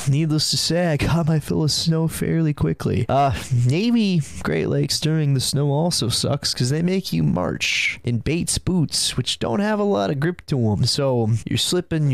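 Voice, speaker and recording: A young man hosting a live podcast, rambling and swearing as he tells stories, laughing often and admitting he is high. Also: animated, unhurried, vocal fry, no echo. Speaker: podcast host.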